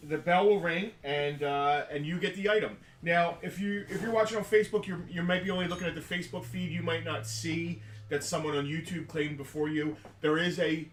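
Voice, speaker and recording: Brisk and barely pausing, a man with a high-ish, steady voice co-hosts a live toy sale stream. He sells toys in casual chat with long explanations, captured by a distant mic in an echoey room.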